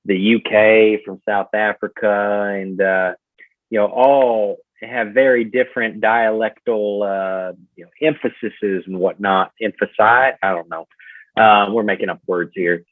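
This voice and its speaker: A man's voice: on the low side, steady tone, measured pace, dry recording. Southern man rambling over a tinny line. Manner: rambling, lots of fillers and restarts. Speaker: podcast guest, musician. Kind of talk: casual podcast chat. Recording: tinny phone-like line, dry.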